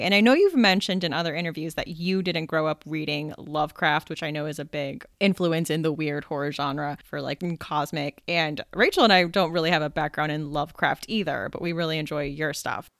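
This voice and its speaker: A woman's voice: low voice, fairly bright tone, dry recording, studio quality. A woman hosting a casual interview, asking friendly questions and laughing along. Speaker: interview host.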